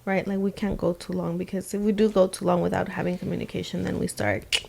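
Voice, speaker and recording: Woman, 30s, podcast co-host, reflective and gentle delivery, some vocal fry. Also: lowish voice, quick pace, background noise. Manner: reflective, soft-spoken, laughs often. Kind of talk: casual faith chat.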